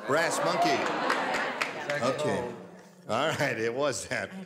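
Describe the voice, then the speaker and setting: A man's voice: medium pitch, takes it slowly, heavy background noise. Jokey man hosting a game show. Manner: jokey, animated patter. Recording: archival 1970s TV studio sound.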